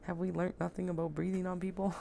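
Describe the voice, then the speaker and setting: A woman's voice: fairly low pitch, little pitch movement, fast, gravelly, mellow, slight background noise. A woman talking casually as she sews, joking and chatting to herself while she works in a home sewing room. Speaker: sewing vlogger.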